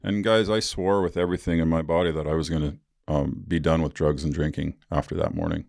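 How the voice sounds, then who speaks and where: Gravelly deep-voiced man. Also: fairly even intonation, brisk, darkish tone, dry recording, clean studio sound. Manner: blunt and profane, with rueful laughs. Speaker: podcast host. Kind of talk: candid personal storytelling.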